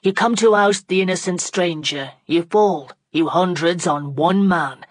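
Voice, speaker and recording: A woman's voice: fairly low pitch, measured pace, no room sound. A woman reading an audiobook voices a stern, proud male mill owner speaking with cold reproach. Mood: stern scorn.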